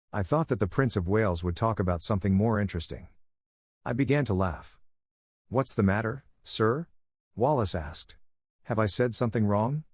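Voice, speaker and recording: A man reading a story aloud in a slow, clear way for language learners. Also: on the low side, darkish tone, dry recording, studio quality. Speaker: story narrator. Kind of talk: scripted narration.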